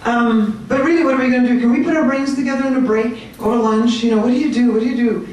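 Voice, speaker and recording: A woman giving an animated, chatty talk to a room of people, joking with her audience. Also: fairly high pitch, fast talker. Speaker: speaker at a political meetup. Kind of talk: lively speech to a crowd. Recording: echoey room, mic at a distance.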